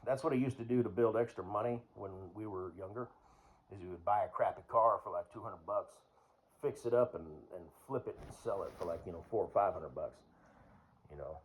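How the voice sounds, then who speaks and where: A man talking in a rambling, casual monologue to the camera, full of fillers and throat clearing. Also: fairly low pitch, brisk. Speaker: vlogger.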